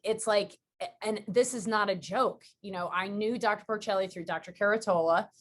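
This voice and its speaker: Woman, podcast host, from western new york, chatty storyteller, rambling asides, mid-pitched voice. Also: a bit bright, slight background noise. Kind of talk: casual interview chat.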